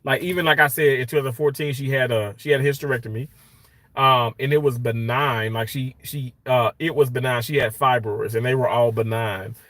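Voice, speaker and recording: A man's voice: medium pitch, fairly even intonation, fairly quick, fairly bright tone, no room sound. A man hosting a casual livestream, reading out viewer comments and greeting them by name in a chatty, rambling way with lots of fillers. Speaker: livestream host. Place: hospital workplace.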